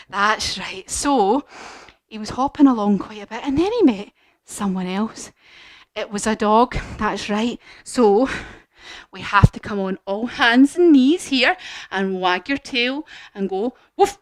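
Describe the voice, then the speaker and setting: A woman's voice: a little high, lively intonation, takes it slowly, dry recording, studio quality. A woman leading a children's yoga class through a story, singsong and encouraging.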